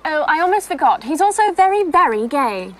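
A woman's voice: high-pitched, sing-song, fairly quick, background noise. An actress playing a persuasive, teasing young schoolgirl ringleader. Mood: persuading. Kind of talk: film acting.

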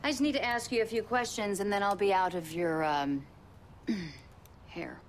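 A woman's voice: mid-range voice, normal speed, slight background noise, lightly acted. An actress playing an awkward, bluffing female private investigator who talks with flustered hesitations and overconfidence. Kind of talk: TV drama acting.

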